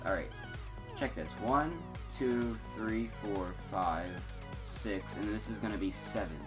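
A teenage boy rambling through casual gaming commentary, scattered and self-interrupting, excitable, on a headset mic. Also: on the low side, slow pace, over music. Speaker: gaming YouTuber.

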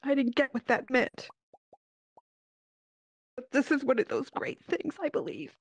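A woman giving a personal faith testimony in an earnest, halting way, with many pauses and fillers, speaking into a VR headset microphone. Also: sits high, lively intonation, breathy edge. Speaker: church member giving a testimony. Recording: dull, dry lo-fi headset audio.

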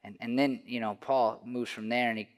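A man's voice: medium pitch, fairly even intonation, moderate pace. Conversational man preaching a sermon. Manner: conversational, restarts often, drops to a soft hush for the story. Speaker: pastor. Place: church.

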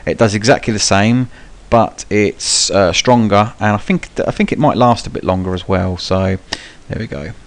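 A young man talks viewers through a game in a low, easygoing voice. His live commentary rambles, full of ums and restarts, with cheeky swearing thrown in. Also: moderate pace, hardly any pauses. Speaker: gaming channel host. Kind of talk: live gameplay tutorial commentary.

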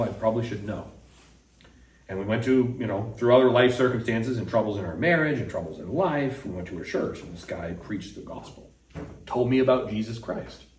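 Man, pastor, conversational sermon, acts out quotes, echoey room, mic at a distance. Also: medium pitch. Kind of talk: casual expository sermon. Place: church sanctuary.

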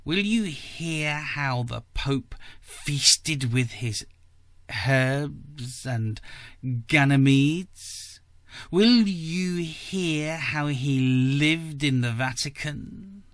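A man voicing an aged, ailing noblewoman who speaks slowly in a thin, wailing whisper, cunning and eerie, in a story reading. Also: mid-range voice, expressive, fairly bright tone, no room sound. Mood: insinuating. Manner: slow, drawn-out and insinuating.

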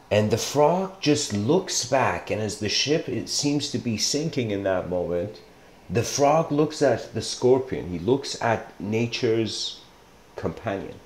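A man's voice: fairly low pitch, lively intonation, slow pace, pauses often, slight background noise. A man giving a casual lecture, rambling as he tells a story, with many fillers and restarts. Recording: roomy echo.

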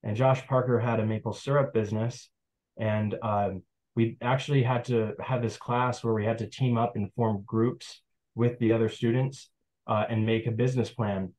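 A young man from the Adirondacks, New York, presents on foraging over a video call in a casual, rambling, story-filled style. His mid-range voice is darkish with fairly even intonation at normal speed, and the recording is low quality.

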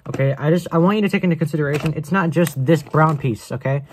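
A man's voice: fairly high pitch, quick pace, a little hiss or hum. A young man rambling in a casual vlog, crude and joking, swearing often. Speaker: vlogger.

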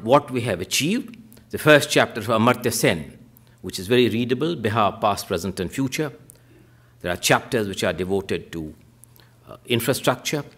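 A man giving a measured, formal panel talk in a lecture theatre, pushing up on key points and trailing off low at the ends of sentences. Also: breathy edge. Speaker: panel speaker.

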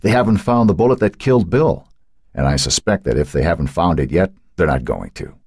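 A man voicing a calm, firm lawyer who speaks reassuringly, in an audiobook. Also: low voice, fairly quick, breathy edge, dry recording, studio quality, full character voice. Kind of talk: audiobook character voice.

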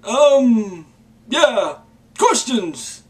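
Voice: medium pitch, very animated, extremely slow, a little hiss or hum. A vlogger chatting casually while putting on a mock vampire voice that keeps slipping into an old-man voice, joking at their own expense. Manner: jokey and self-mocking. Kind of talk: casual video blog.

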